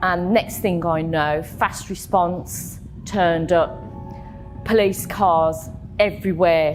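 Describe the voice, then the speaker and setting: A woman tells her own story in an interview, halting and emotional, with frequent ums and repeated words. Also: fairly low pitch. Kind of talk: personal testimony in an interview.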